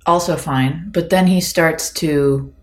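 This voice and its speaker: A woman with a fairly low voice tells a story in relaxed podcast chat. She is animated and laughs easily, and she acts out the people she quotes. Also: takes it slowly. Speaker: podcast co-host; piano teacher.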